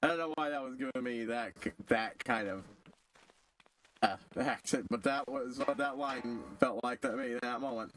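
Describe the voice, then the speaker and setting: A man's voice: medium pitch, normal speed, a bit bright, a little hiss or hum. A man streaming a game, chatting casually and reading the game's dialogue aloud. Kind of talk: casual gameplay commentary.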